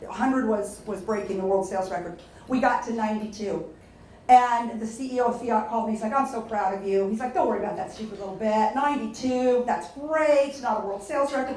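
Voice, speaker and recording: A middle-aged woman giving a lively motivational speech at a luncheon, telling stories and asking the audience questions. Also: on the high side, a little hiss or hum. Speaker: keynote speaker. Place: luncheon event hall. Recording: echoey room from far off.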